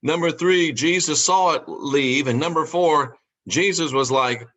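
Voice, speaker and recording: A man hosting a podcast, talking through scripture in a monologue, repeating key lines and slowing down to stress words. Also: fairly high pitch, a bit bright. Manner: rhetorical questions, emphatic repetition. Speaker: podcast host.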